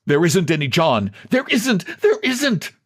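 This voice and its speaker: A man's voice: very animated, measured pace, exaggerated voice. A man voicing a broken middle-aged clerk who pleads pitifully to be believed. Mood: pleading. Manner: pitiful, high and begging.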